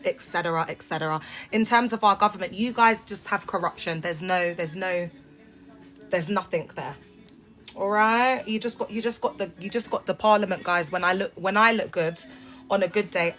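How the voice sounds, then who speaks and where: A woman from the United Kingdom, with a lowish and slightly bright voice, rants on a phone live stream. She confronts her viewers in a sassy, heated way.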